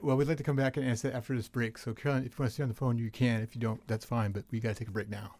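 A male radio host runs a call-in show in a brisk, businesslike way. He talks extremely fast and keeps things moving. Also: mid-range voice, little pitch movement, a little mellow.

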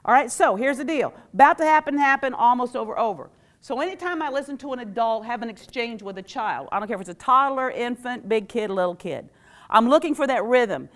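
A middle-aged woman and former teacher giving a lively workshop talk, quizzing the audience and leading call-and-response. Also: a little high, fairly quick. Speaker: educator and workshop speaker.

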